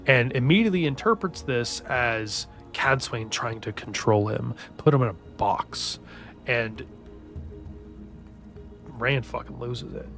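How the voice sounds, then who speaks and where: A man talks through a fantasy novel's plot in a loose, excitable way, cursing freely and tripping over his own sentences. His voice sits at an ordinary middle pitch, with soft music playing quietly underneath. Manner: profane, excitable, rambling with restarts. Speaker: book recap host. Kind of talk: casual spoiler-heavy story recap.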